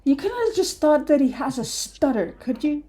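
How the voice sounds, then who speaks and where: Woman doing a gruff older dwarf lady. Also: mid-range voice, extremely slow, warm tone, a little hiss or hum. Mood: exasperated. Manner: brusque, snappy, swearing. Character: gruff older female dwarf with a braided beard.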